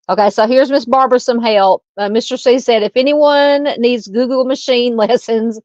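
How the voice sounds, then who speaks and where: A woman's voice: a little high, a little slow, darkish tone, dry recording. A woman with a Southern US accent hosting a true crime livestream, chatting casually with many ums and uhs while reading viewer comments. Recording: dull lo-fi dry home mic.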